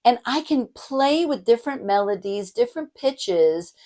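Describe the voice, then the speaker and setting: A middle-aged woman coaching public speaking in a lesson to camera, with a demonstrative delivery that moves between lively hype and a softer, lower tone. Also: moderate pace. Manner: demonstrative, shifts between energetic hype and soft warm tones.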